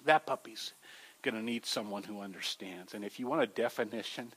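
A middle-aged man preaching a sermon, telling stories with an animated delivery that swings from loud to soft. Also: on the low side, brisk, husky. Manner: animated storytelling, voices shifting loud and soft. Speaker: pastor.

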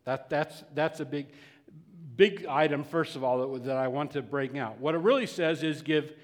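Conversational preacher in a reverberant hall. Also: male voice, a little high, moderate pace. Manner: conversational, with frequent restarts and repeated words. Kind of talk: sermon.

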